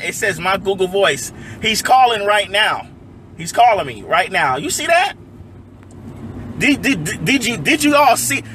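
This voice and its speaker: A man broadcasting live from the driver's seat, his voice high and ringing. He talks fast and hyped, laughs a lot and keeps calling out to his audience. Faint street traffic hums behind the phone mic. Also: pushed and bright. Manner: hyped, repetitive, laughs often, addresses viewers as y'all. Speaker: livestream host. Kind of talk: excited livestream chat to viewers. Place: inside a car outdoors.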